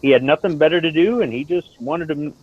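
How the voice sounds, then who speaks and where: A man in casual chat who talks things through calmly and gives advice. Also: a little high, brisk, dry recording. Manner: calm, reasoning, advice-giving tone. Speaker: stream host. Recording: tinny phone-like line, dry.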